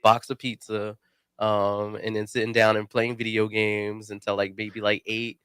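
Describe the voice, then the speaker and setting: Male co-host, bright tense voice, rambling casual banter. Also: lowish voice, monotone, a little slow, clean tone, no room sound. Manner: rambling with many fillers, laughs often. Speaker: podcast co-host. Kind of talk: casual chat.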